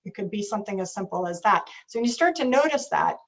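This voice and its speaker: A woman's voice: medium pitch, lively intonation, fast talker, poor audio. A woman business coach giving a conversational talk on a video call, often checking in with "right?". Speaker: business strategist and leadership coach.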